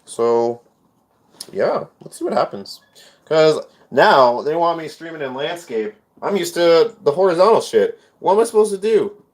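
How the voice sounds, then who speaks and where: A man's voice: fairly high pitch, sing-song, moderate pace. A man performing his spoken word poetry on a live stream, with casual rambling talk between the poems and chanted, repeated lines within them. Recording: roomy echo.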